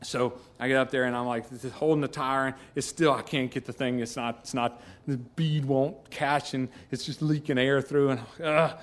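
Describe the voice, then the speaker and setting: A man's voice: medium pitch, steady tone, normal speed. A middle-aged man from Georgia, telling a personal story in a rambling, folksy way that often restarts mid-sentence. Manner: rambling, self-interrupting, folksy.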